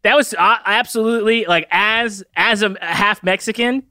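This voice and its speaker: A man's voice: high-pitched, normal speed, sharp tone, clean tone, no echo, clean studio sound. A man chatting on a podcast as guest co-host, joking and laughing often over a remote call. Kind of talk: casual podcast chat.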